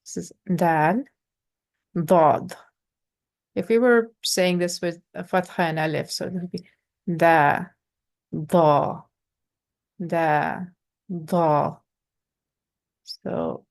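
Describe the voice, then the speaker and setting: A woman teaching pronunciation in an informal lesson, patiently explaining with halting pauses and sounding out letters. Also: fairly low pitch, gravelly, darkish tone.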